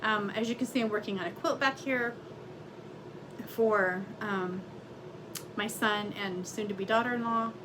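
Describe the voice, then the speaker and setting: A woman's voice: mid-range voice, measured pace, pauses often, background noise. Chatty middle-aged woman at home. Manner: chatty and rambling, many fillers. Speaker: cross-stitch vlogger. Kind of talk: casual chat. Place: home craft room.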